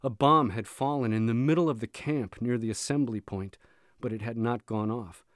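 A man reading a memoir aloud in a measured, steady storytelling voice. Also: medium pitch, no room sound, clean studio sound. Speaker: reader.

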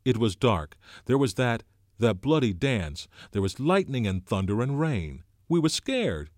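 A man reading an audiobook voices an anxious schoolboy with a shrill, excited, pleading manner. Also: normal speed, no echo, studio quality, natural voice.

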